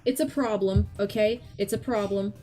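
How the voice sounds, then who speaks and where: With faint music behind her, a vtuber co-host chats on stream in a mellow, steady, mid-range voice at normal speed. She's casual and blunt, swearing and rambling with frequent restarts.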